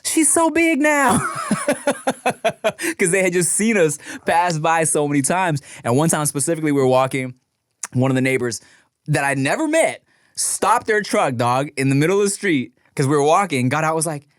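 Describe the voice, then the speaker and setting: A man's voice: fairly high pitch, fairly quick, no echo, clean studio sound. A man co-hosting a food podcast in casual chat, telling stories with lots of swearing and acted-out quotes. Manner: animated storytelling, swears a lot, acts out quotes. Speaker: podcast co-host.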